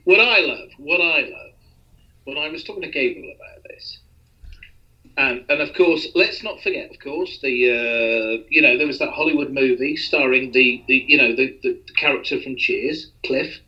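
A man's voice: mid-range voice, moderate pace, bright, forceful tone, lo-fi sound. A man hosting a podcast, talking in a rambling, self-deprecating casual way with many restarts. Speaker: podcast host.

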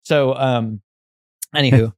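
A man's voice: mid-range voice, fairly even intonation, slow pace, darkish tone, no room sound. Young guy, casual storyteller. Meanders and stacks up fillers. Dry recording. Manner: rambling, full of fillers and restarts.

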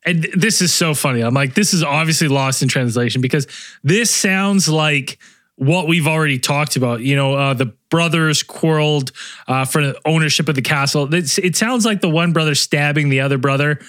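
A man's voice: fairly high pitch, normal speed, a bit bright, no echo. A man co-hosting a casual podcast, wry and swearing freely as he chats. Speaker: podcast co-host.

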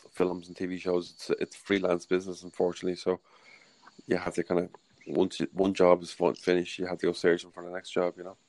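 Deep flat irish guy, gravelly, mumbly and soft, lots of ums. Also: low-quality recording. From Ireland. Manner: soft-spoken, hesitant, rambling with fillers. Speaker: podcast guest. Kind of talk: casual interview chat. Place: home at night.

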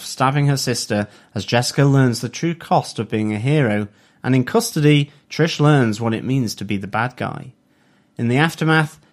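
A man hosting a TV review podcast who reads out an episode synopsis in a steady, measured way. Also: mid-range voice. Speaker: podcast host. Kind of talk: casual review chat and read synopsis.

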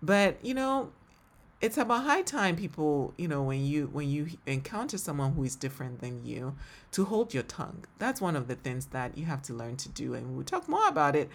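A woman's voice: sits low, big pitch swings, normal speed, creaky. A woman with a Ghanaian accent hosting a faith-based podcast, talking in an earnest, heartfelt way and laughing often. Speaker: podcast host and ministry leader. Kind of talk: reflective faith-based solo podcast talk.

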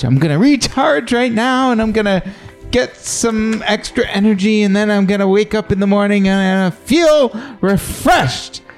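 A man, a comedian guest, doing an improvised comedy bit with drawn-out, exaggerated delivery. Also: sits high.

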